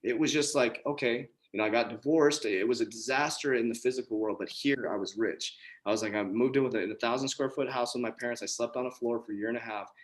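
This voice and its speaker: A man's voice: medium pitch, fast, hardly any pauses. Earnest man coaching on a group call. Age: 40s. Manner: earnest, emphatic, repeats key points. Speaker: coach and community host. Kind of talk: motivational talk on a group call.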